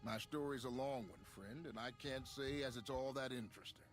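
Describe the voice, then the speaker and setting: An actor playing a weary young wandering guitarist in a video game, speaking with a Texan accent and an easygoing drawl. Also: male voice, medium pitch, brisk, soft background music, natural voice. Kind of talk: video game character dialogue.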